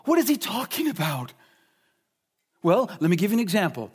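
A man preaching a sermon emphatically, asking rhetorical questions and slowing down to stress key points. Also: high-pitched, wildly swooping pitch, slightly rough.

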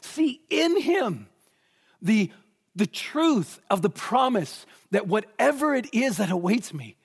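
A man delivers a sermon in a fairly high voice. He is earnest and deliberate, slowing down and stretching key phrases to press them home. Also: big pitch swings, slightly rough. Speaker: preacher.

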